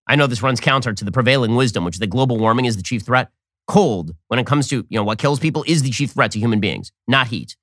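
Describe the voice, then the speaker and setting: A man hosting a political commentary show, talking in a fast, mocking, sarcastic way. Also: dry recording, clean studio sound. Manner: mocking, rapid-fire, animated pitch swings.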